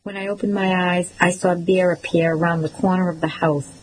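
Audiobook narrator, woman, measured reading, slightly low voice. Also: steady tone, poor audio. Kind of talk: first-person storybook narration.

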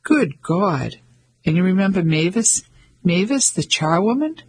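A man's voice: high-pitched, lively intonation, a little slow, darkish tone, breathy edge, exaggerated voice, poor audio. A man voicing an earnest young soldier home on leave, anxious and incredulous. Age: young adult.

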